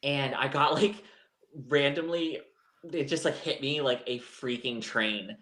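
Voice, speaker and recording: A man's voice: mid-range voice, a little slow, a bit bright, reverberant. A man co-hosting a live chat show, telling a personal story in a candid, rambling way. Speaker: co-host. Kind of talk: casual chat.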